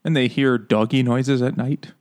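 A man's voice: medium pitch, steady tone, moderate pace, a little mellow. Man riffing sarcastically between laughs. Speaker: podcast co-host. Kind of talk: casual chat.

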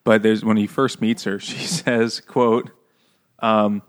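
A man with a somewhat low voice talks loosely about a novel with friends. He laughs a lot, swears freely and jumps into animated quotes of the characters. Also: takes it slowly. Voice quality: profane, laughing often, animated quoting. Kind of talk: casual book discussion.

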